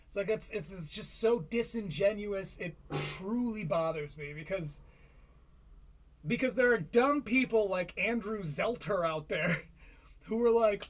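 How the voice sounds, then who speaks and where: A man's voice: high-pitched, unhurried. A man hosting a live stream, reacting to a comedy special with sarcastic, profane commentary. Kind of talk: casual commentary.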